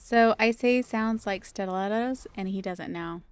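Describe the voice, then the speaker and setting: A woman's voice: mid-range voice, measured pace, smooth, no echo. A woman streaming a video game, chatting casually and playfully with her viewers and laughing often. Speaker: gaming streamer.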